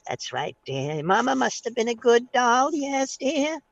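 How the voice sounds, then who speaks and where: A man voicing a pushy 87-year-old woman on a prank call, croaking and calling everyone "dear". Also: very high voice, big pitch swings, measured pace, fairly bright tone, dull audio, heavily acted. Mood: sweet, cheeky. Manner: croaky granny voice, ends every line with "dear".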